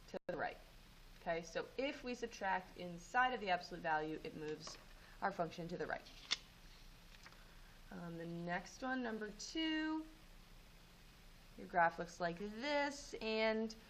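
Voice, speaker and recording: A woman teaching math, going over homework and walking students through steps in a relaxed way with frequent ums. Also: mid-range voice, slight background noise, rough recording. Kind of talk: homework review and lesson.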